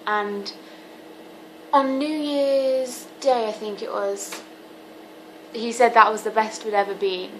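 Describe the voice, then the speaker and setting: A seventeen-year-old woman talking candidly to camera in a personal vlog, earnest and halting with frequent ums. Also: fairly high pitch, steady tone, a little hiss or hum, poor audio. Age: teens. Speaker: vlogger.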